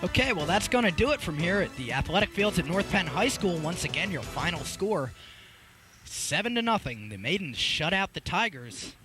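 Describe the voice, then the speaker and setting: A young man doing live play-by-play commentary on a school field hockey game, getting loud and excited on goals. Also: high voice, moderate pace, music in the background. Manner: energetic, rises sharply on goals. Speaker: play-by-play announcer.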